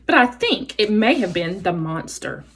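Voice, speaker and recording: Swooper, a woman doing an excitable owl. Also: medium pitch, normal speed, slightly rough. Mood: alarmed. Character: male owl sounding alarms to the crowd.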